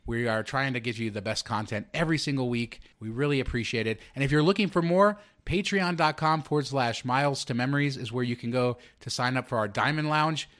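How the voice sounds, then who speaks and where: A man's voice: mid-range voice, a little fast, hardly any pauses, a bit bright. Upbeat male podcast host. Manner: upbeat, reads show announcements. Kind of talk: casual podcast chat.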